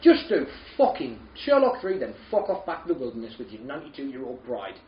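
Man, lively and sweary podcast ranter, roomy dull-sounding recording. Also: medium pitch, a little fast, slight background noise. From northern England. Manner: animated, sweary, ranting. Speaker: podcast co-host. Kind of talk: casual banter.

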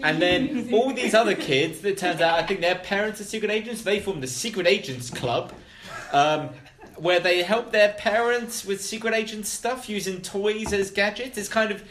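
A man's voice: high voice, moderate pace, fairly bright tone, a little hiss or hum. A man hosting a comedy panel podcast, rambling and swearing as he chats and laughs. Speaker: panel show host. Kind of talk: casual comedic podcast banter. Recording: roomy echo.

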